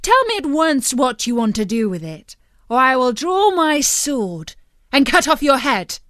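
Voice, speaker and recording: A brash young soldier from a storybook, greedy and quick to threaten, as a woman reading aloud puts him on. He talks in brisk commands with a lively, swooping delivery, recorded close and dry with no room sound. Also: high voice, dry recording, pitched above the performer's own voice, heavily acted.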